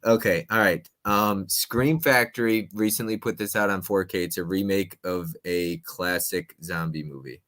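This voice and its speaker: Deep-voiced playful male quiz host. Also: fairly even intonation, moderate pace, hardly any pauses. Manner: playful, restless, jumps between loud and quiet. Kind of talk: casual quiz chat.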